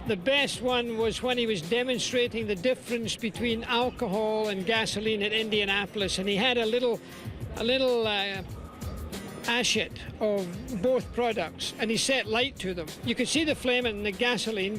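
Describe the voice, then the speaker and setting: An older man with a Scottish accent, a racing broadcaster, telling a lively anecdote. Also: high voice, moderate pace, over music.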